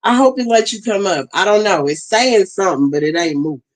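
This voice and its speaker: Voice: medium pitch, lively intonation, fairly quick, rough recording. A live-stream host teaching a class, chatting casually with viewers and flustered by technical trouble, with lots of y'all and ain't, speaking into a tablet while wearing bone-conduction headphones. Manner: chatty, talks straight to the chat, flustered by tech trouble; uses plenty of y'all and ain't.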